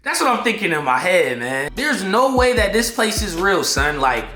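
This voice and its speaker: A man vlogging an excitable storytime in heavy slang, acting out what people said. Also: high-pitched, normal speed. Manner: slangy, excitable, acts out quotes. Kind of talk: animated storytime. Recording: echoey room, faint music behind.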